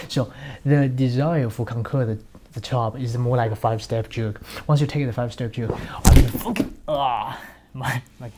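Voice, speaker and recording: Male speaker, casual motivational talk; blunt and profane, acts out scenes, warm mellow timbre. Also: mid-range voice, steady tone, moderate pace.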